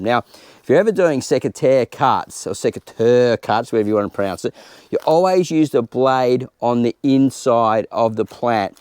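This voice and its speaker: A man's voice: medium pitch, a little mellow, clean tone, dry recording. An Australian man chatting informally while working in his garden, explaining as he goes in a casual gardening tutorial. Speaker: home gardener host. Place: outdoor home garden.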